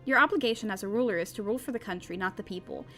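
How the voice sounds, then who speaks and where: A woman's voice: mid-range voice, racing, sharp tone, faint music behind, voice pushed down. A woman voicing a cold, ruthless male royal advisor who lectures sternly.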